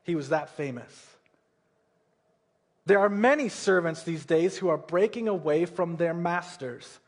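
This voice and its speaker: A man's voice: on the high side, lively intonation, measured pace. A man preaching a sermon, retelling a Bible story in a casual way and often checking in with "right?" and "okay?".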